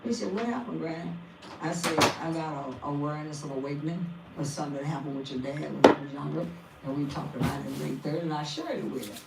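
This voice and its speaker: A woman's voice: low voice, fast talker, creaky. An older woman, a guest on a podcast, giving an emotional testimony about her family and repeating phrases like a preacher. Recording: echoey, distant, faint noise.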